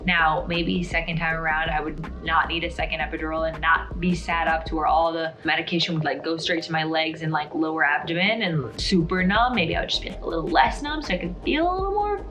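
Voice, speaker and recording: A woman vlogger talking straight to camera in a relaxed, candid way, her speech peppered with "like" and "um". Her voice sits a little low for a woman, and soft music plays faintly behind her. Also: brisk. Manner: chatty, full of "like" and "um", candid. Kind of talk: casual storytelling to camera.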